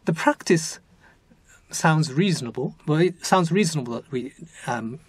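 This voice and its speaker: A man's voice: fairly high pitch, expressive, moderate pace, husky, dry recording. A man whose first language is Japanese, interviewing guests and asking brief, careful questions. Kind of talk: interview conversation.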